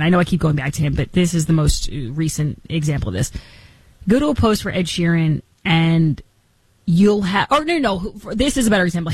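A woman's voice: on the low side, a little mellow, no echo, poor audio. A woman co-hosting a talk podcast, speaking in an impassioned, rambling way with frequent restarts. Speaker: co-host. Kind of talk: opinionated podcast commentary.

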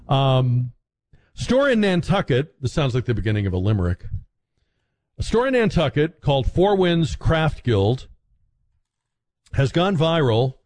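A man's voice: medium pitch, sing-song, a little mellow. A male radio talk host speaks in a dry, sardonic way. He sounds at ease in the studio and often interrupts callers to argue his own point. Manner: wry, quick to interject, sardonic.

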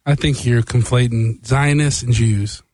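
A man's voice: medium pitch, fairly even intonation, unhurried, darkish tone, dry recording. A man chiming in as a radio co-host with brief, matter-of-fact remarks. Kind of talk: casual studio banter.

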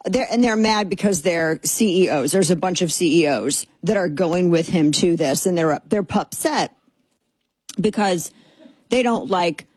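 A woman hosts a radio talk show in a studio, her voice husky and a little breathy. She rambles with fillers, sarcastic and exasperated as she riffs. The sound is dry and close, with no room around it. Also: fairly low pitch, unhurried, a little mellow, dry recording. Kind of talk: casual opinionated radio talk. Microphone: studio microphone.

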